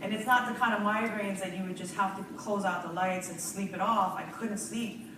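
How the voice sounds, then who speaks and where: A woman shares a personal testimonial with a live audience, sounding nervous and rambling as she laughs and restarts sentences often. She speaks in a mid-range voice with a steady tone at a moderate pace. It's a large room, captured through a distant mic in an echoey hall with crowd noise.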